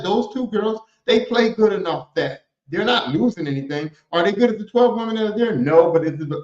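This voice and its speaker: A man's voice: high voice, a little mellow. A man co-hosting a casual podcast, arguing his points emphatically and calling out the others. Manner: emphatic, argumentative, calls out the others. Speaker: podcast co-host. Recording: echoey room, dull lo-fi sound.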